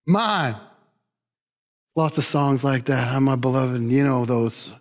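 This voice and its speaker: A man preaching a sermon as pastor in a church, animated and emphatic, repeating key words. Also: medium pitch, a little slow, long pauses, in a large hall.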